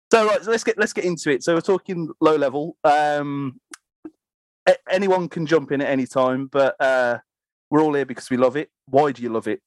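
Man, Birmingham accent, podcast host, casual chat, laughs a lot, fairly high voice, dry close sound. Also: measured pace, pauses often, no room sound. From Birmingham, England. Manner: chatty, laughs often, filler-heavy. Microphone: remote call recording.

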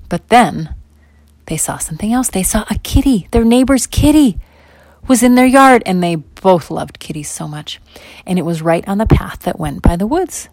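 Animated woman storyteller slipping into whispers. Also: on the low side, no room sound. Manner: animated, swings between loud emphasis and whispers. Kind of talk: children's bedtime story telling.

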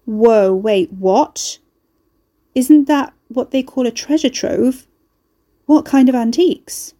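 A woman voicing a broke, frazzled young woman who is exasperated, sharp and swears freely. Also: mid-range voice, expressive, moderate pace. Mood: frantic.

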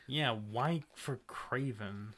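A man's voice: mid-range voice, takes it slowly, fairly bright tone, a little hiss or hum. A man co-hosting a casual podcast, agreeable and hesitant, with many fillers. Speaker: podcast co-host. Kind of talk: casual chat.

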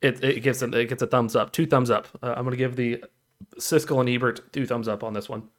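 A man's voice: medium pitch, steady tone, a little fast. A man co-hosting a casual podcast chat, rambling and laughing at his own stories. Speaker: podcast co-host.

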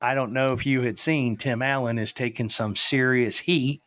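A man's voice: mid-range voice, steady tone, moderate pace, a bit bright, no room sound. A man hosting a podcast, rambling through stories and chuckling as he goes. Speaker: podcast host. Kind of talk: casual chat.

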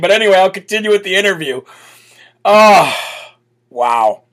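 A brash American man hosts a live political talk show in a fairly high voice. He reads out supporters' messages, leads prayer, and breaks into laughing chants. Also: lively intonation, normal speed, pauses often, fairly bright tone.

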